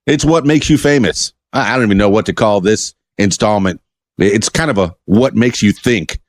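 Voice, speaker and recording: A man hosting his own podcast alone, talking in a chatty, jokey, animated way. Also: lowish voice, moderate pace, no room sound. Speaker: podcast host. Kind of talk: solo podcast monologue.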